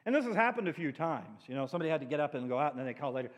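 A man preaching as a pastor, telling stories with animated asides in a church sanctuary. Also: a little high, very fast, hardly any pauses. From New England. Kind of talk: sermon. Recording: long church hall reverb.

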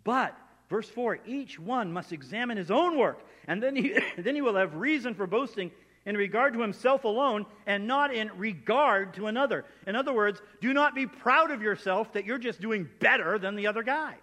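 A male pastor preaching a sermon, animated, acting out imagined inner voices as he teaches. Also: high voice, moderate pace. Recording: long reverb of a hall.

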